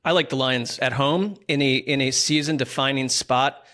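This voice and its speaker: A man co-hosting a sports podcast, measured and analytical in his breakdowns. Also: mid-range voice, pushed and bright. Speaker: podcast co-host. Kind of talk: casual podcast chat.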